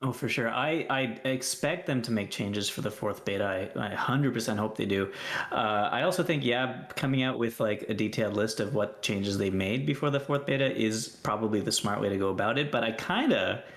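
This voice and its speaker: A man's voice: fairly low pitch, fairly quick, a bit bright. A man talking as a guest on a casual gaming podcast, earnest and restarting his sentences. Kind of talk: casual chat. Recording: echoey room mic.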